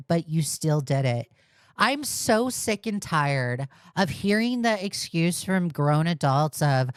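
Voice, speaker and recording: A woman's voice: fairly low pitch, animated, slow pace, clean tone, no room sound, studio quality. A woman giving sarcastic, exasperated reaction commentary. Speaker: commentary YouTuber.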